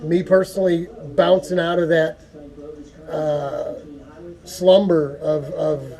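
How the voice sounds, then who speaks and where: A man giving an earnest, folksy prayer talk to camera, halting and repeating words as he goes. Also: a little high, steady tone, creaky, mellow. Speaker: go-kart hobby vlogger.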